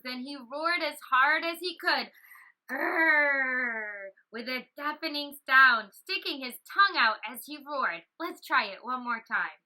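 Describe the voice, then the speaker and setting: A woman teaching a children's yoga class, telling a story and giving gentle, encouraging instructions. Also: sits high, rough recording.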